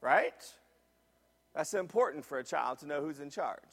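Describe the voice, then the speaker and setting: A man's voice: on the high side, animated, normal speed, a bit bright, in a large hall. A man preaching a sermon as pastor, emphatic, repeating phrases and asking the congregation questions. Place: church sanctuary.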